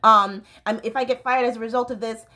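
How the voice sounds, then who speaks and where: A woman's voice: fairly high pitch, fairly even intonation, brisk, pushed and bright. Candid woman in her thirties. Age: 30s. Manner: candid, rambling, with frequent fillers and restarts. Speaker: dance teacher. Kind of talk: personal storytelling vlog.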